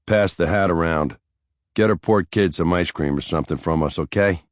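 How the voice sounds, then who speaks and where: A man voicing a gruff big police detective. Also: deep voice, normal speed, dry recording, clean studio sound, close to an everyday voice. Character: blunt big male police detective, middle-aged.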